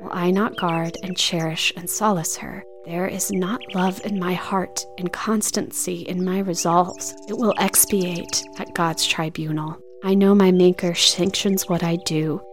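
A woman voicing an ardent, brooding gentleman. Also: fairly even intonation, normal speed, hardly any pauses, faint music behind, lightly acted. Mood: murmuring. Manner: ardent, pleading, sometimes low and murmured. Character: passionate brooding gentleman suitor, man. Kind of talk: audiobook character reading.

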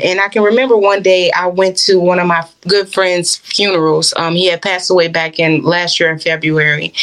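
A young adult woman with a slightly low voice gives a personal faith testimony. She talks in an earnest, heartfelt way, with plenty of fillers. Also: a bit bright. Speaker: minister, interview guest.

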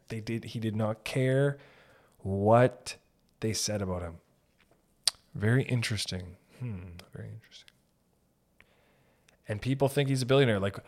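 A man with a non-American English accent hosting a podcast, rambling and swearing in loose, animated casual chat. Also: lowish voice. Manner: rambling, profane, animated riffing. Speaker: podcast host.

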